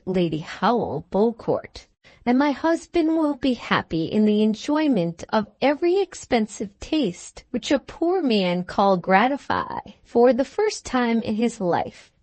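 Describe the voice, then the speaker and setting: A rich, self-possessed woman who cuts down criticism without raising her voice, as a woman reader plays her. She speaks slowly and deliberately, with a lively lilt and a dry, close sound. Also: a little high, no echo. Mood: coolly defiant. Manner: calm, cutting and composed. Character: wealthy, cool, self-assured woman engaged to a young lord.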